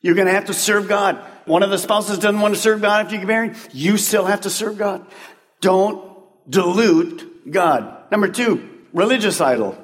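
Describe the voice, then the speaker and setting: A man with a high, fairly bright voice preaches at a normal speed. As pastor of the congregation, he keeps his sermon emphatic and conversational, firing off rhetorical questions, while the spacious sanctuary adds a long church-hall reverb.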